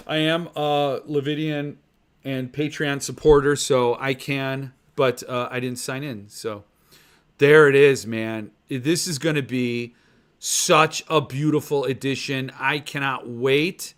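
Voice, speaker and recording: A man hosting a casual livestream, rambling and gushing excitedly while chatting with viewers. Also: medium pitch, slow, clean tone. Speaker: podcast host. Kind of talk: casual livestream chat about book collecting.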